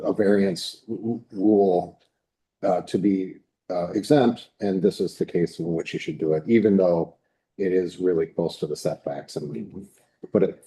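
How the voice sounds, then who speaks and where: A man on a town planning board giving his vote, earnest and halting. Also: deep voice, dark tone, a little hiss or hum, low-quality recording. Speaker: commission member. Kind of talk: public meeting deliberation.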